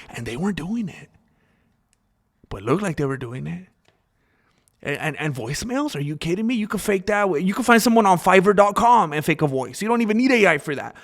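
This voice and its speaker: A man hosting a casual opinion commentary, talking in an animated, repetitive way and acting out the voices of people he quotes. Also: a little high. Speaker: commentary channel host.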